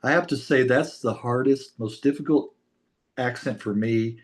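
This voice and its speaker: An American man conducting a casual interview, chatty and quick to laugh. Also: medium pitch. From United States.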